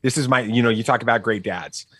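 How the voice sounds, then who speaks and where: A middle-aged man telling a family story casually as a podcast guest, animated and full of fillers and restarts. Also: mid-range voice, quick pace, no room sound, clean studio sound.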